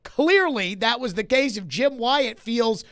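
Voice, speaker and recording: A man's voice: very high-pitched, expressive, unhurried, fairly bright tone, no echo. A man hosting a sports talk radio show, arguing his point emphatically and repeating key phrases for stress, on a studio microphone.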